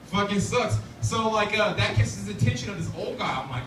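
A man's voice: high voice, very animated, brisk. A man doing a stand-up comedy set at an open mic, talking loosely and profanely with many fillers. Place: laundromat café venue. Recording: roomy, distant, noisy live recording. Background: audience laughter and room chatter.

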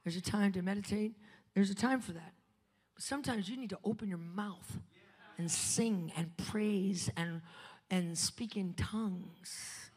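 A woman preaching a live conference sermon, telling a testimony with dramatic swings between loud and hushed delivery. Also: mid-range voice, unhurried, slightly rough. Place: conference venue. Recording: preaching in a large reverberant hall.

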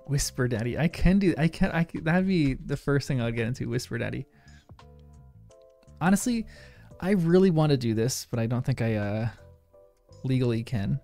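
Man with a creaky voice, chatting on stream. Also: mid-range voice, expressive, normal speed, long pauses, mellow, soft background music. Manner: rambling, laughs often, talks to chat. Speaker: livestreamer. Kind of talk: casual chat while solving a crossword.

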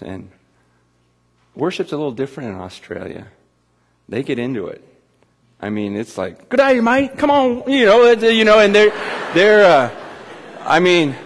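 A man's voice: on the high side, a bit bright. A middle-aged man from California preaching a sermon as a pastor, candid and confessional, with stumbling restarts. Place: church hall. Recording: long hall reverb.

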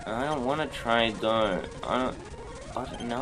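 Excitable young man playing a game. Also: mid-range voice, normal speed, music in the background. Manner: excitable, joking. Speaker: let's play host. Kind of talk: gameplay commentary.

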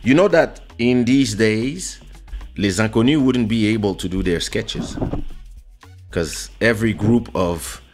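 Low-voiced man hosting a ranting chat. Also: unhurried, faint music behind. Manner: animated, ranting. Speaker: host. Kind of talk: casual livestream chat. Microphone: studio microphone.

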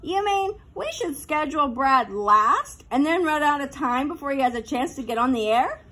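A woman voicing an anxious, excitable fifth-grade boy who wails and gets worked up, in a storybook reading. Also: moderate pace. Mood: eager. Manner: wailing, high and worked up.

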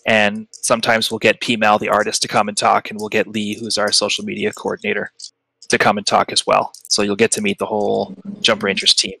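A man hosting a live stream as game master, narrating a tabletop game in a relaxed, chatty way. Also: fairly low pitch, brisk, gravelly, husky, low-quality recording. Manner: relaxed, chatty, with fillers and restarts.

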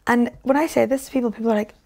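A woman interviewing a musician, using playful, quick banter in a casual chat. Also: fairly high pitch, steady tone, a little mellow.

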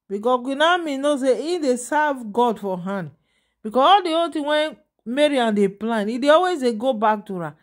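Nigerian Pidgin gossip vlogger, rambling woman. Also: sits high. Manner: rambling, with frequent fillers and restarts; indignant when scolding. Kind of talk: casual gossip monologue.

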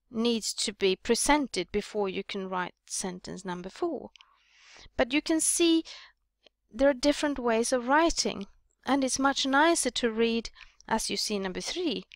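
Casting note: Swedish-accented woman teacher, fairly high voice, dry close sound, explanatory delivery. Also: no room sound. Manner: explanatory, reads example sentences aloud with emphasis. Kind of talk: recorded lesson on writing.

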